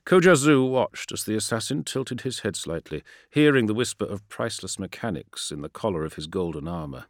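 A man narrating a dark science-fiction story in an expressive, dramatic reading style. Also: fairly low pitch, fairly quick, hardly any pauses, no echo, clean studio sound. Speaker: audiobook narrator. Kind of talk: scripted narration.

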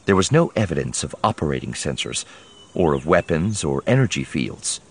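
A man's voice: rumbling low, sing-song, moderate pace, slightly rough. A man narrating an audiobook dramatically, voicing each character himself.

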